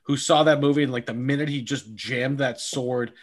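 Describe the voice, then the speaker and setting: A man co-hosting a casual film podcast, talking in an animated way, swearing a lot and acting out scenes with many restarts. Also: medium pitch, moderate pace. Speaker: podcast co-host. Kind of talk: casual chat about films.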